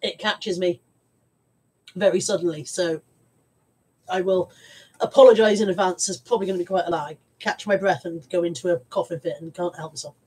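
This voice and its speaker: A woman's voice: lowish voice, fairly even intonation, fairly quick, long pauses, a little mellow, slightly rough, poor audio. A woman with a stuffy head cold, chatting in a rambling, self-mocking way on a live stream from home. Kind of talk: casual live-stream chat.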